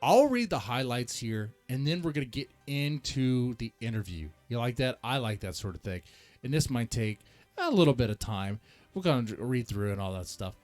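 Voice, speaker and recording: Male reaction host, casual rambling rant, jokey and self-deprecating, mid-pitched, soft music bed. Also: normal speed. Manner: rambling, joking, self-mocking, animated swings in pitch. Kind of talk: casual ranting commentary.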